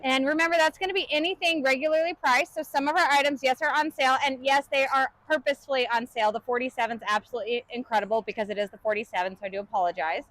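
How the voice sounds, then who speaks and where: A woman's voice: high voice, fairly even intonation, very fast, hardly any pauses, fairly bright tone, poor audio. A woman from the United States co-hosting a live cooking stream, chatting casually and upbeat while reading out viewer comments.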